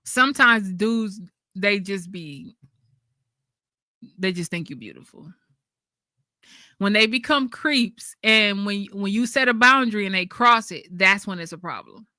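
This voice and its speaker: A woman's voice: medium pitch, measured pace, pauses often, pushed and bright, no room sound. Woman doing a casual livestream, blunt and laughy, dry close sound. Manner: blunt, laughing often, with slang. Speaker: channel host.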